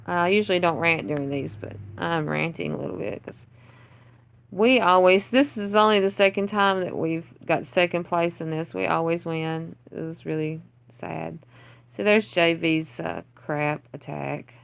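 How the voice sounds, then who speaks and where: A woman's voice: lowish voice, steady tone, unhurried, creaky, clean tone. Blunt, ranting woman reviewing game attacks. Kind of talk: casual gameplay commentary.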